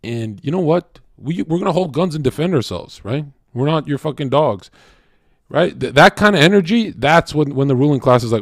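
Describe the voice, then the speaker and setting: A man's voice: lively intonation, moderate pace, no room sound. Profane, rambling male streamer, dry mic. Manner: loose, profane, rambling with many restarts and rhetorical "right?"; swings from loud and worked up to low and muttered. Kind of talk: casual livestream rant.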